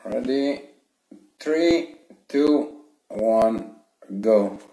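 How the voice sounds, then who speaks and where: A man's voice: mid-range voice, extremely slow, vocal fry, dark tone, roomy sound, rough recording. A man hosting a racing game livestream, chatting casually with viewers and sounding tired and yawning. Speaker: league host and streamer.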